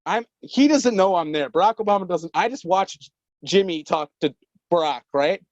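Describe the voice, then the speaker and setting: A man's voice: a little high, normal speed, no echo. Brief: male guest, rambling casual storyteller, curses freely, dry and dull remote audio. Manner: rambling, profane, laughing often. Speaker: podcast guest.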